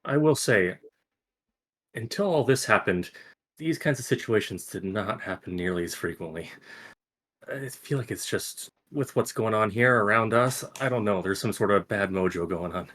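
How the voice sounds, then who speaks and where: A man's voice: lowish voice, lively intonation, normal speed, a bit bright. Hesitant male tabletop player. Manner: hesitant, self-effacing.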